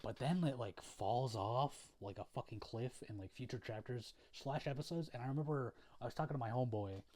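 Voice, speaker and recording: A young adult man talking casually to camera, rambling through a recap with plenty of swearing and filler words. His voice sits at an ordinary middle pitch, loose and unhurried in manner. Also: a little mellow, slight background noise. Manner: rambling, profane, filler-heavy, laid-back. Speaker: video creator.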